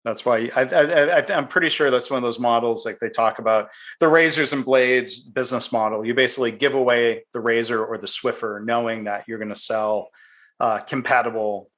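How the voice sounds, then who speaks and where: A man's voice: mid-range voice, steady tone, brisk, a bit bright. Chatty middle-aged man hosting a podcast. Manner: chatty, restarts words, laughs easily. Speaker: podcast host. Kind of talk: conversational interview.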